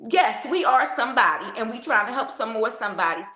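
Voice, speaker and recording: A woman's voice: fairly high pitch, lively intonation, fast talker, bright, forceful tone. A woman selling products, talking in an emphatic, persuasive way in a casual group chat. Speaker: product seller. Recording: echoey room.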